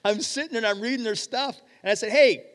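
A middle-aged man preaching a sermon as pastor, telling stories and acting out the dialogue, sometimes loud and sometimes hushed. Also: extremely high pitch, fast talker. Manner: animated storyteller, acts out dialogue, swings loud and hushed. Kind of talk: sermon with storytelling. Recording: reverberant hall.

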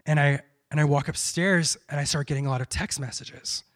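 He speaks a bit quickly, with a steady, fairly bright tone and slightly high pitch. The young missionary recounts his testimony, voicing what he told himself and restarting again and again.

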